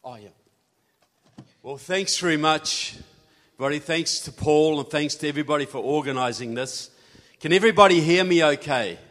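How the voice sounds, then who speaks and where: A man's voice: on the high side, normal speed, fairly bright tone. A man from New Zealand with a New Zealand accent giving a folksy, earnest speech to a live audience. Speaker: guest speaker. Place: large hall. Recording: hall reverb.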